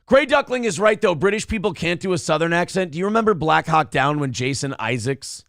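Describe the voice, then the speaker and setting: An American man co-hosting a casual morning talk show, animated, bursting into mock shouts and reading out chat comments. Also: on the high side, a little fast, no room sound, clean studio sound. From United States. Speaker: co-host.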